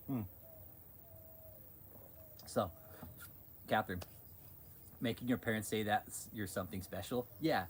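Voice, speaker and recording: A man's voice: deep voice, moderate pace, long pauses, slight background noise. A man hosting a livestream, ranting in a heated, profane, repetitive way. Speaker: channel host.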